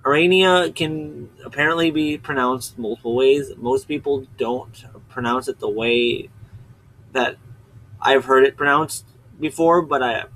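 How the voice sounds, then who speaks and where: Hosting his video channel, this man summarizes a webcomic in a casual, rambling way, frequently pausing to correct himself and drifting into digressions. His mid-range voice is unhurried and fairly bright. A little hiss or hum runs through the rough recording.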